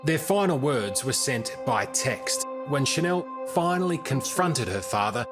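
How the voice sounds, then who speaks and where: Australian male reporter, animated narration. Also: mid-range voice. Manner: measured and grave. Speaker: reporter narrating a current affairs story. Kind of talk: scripted news narration. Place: voice-over studio. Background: loud music bed.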